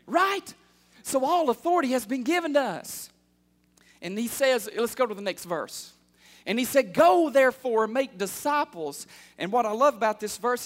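A man in his thirties preaching a sermon as pastor, calling out for amens and building from quiet asides to fervent shouts. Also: very high-pitched. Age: 30s. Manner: call-and-response preaching, building to loud fervor.

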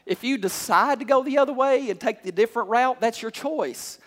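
A male pastor preaching a sermon, calling out to the congregation and climbing to shouts. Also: very high voice, moderate pace. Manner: call-and-response preaching, rising to shouts. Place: church hall. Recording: long hall reverb.

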